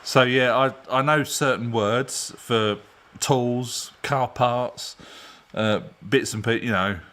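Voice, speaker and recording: A man's voice: medium pitch, steady tone, slow pace, a bit bright. Chatty man in his garage. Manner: rambling, chatty, laughs often. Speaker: garage channel host. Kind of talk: casual live-stream chat. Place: home garage.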